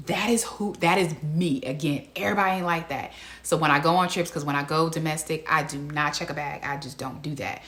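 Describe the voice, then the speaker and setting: A woman's voice: low-pitched, echoey room. Chatty woman reviewing reality TV. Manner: animated, chatty, quoting people in their voices. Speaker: reality TV recap host. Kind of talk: casual reality show review.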